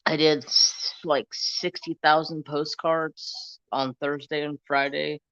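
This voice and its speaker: A man's voice: on the high side, level tone, slow, sharp tone, smooth, no echo, dull audio. A man hosting a casual crafting live stream from his phone, telling stories in a laid-back way, swearing and laughing often. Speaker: livestream crafting host.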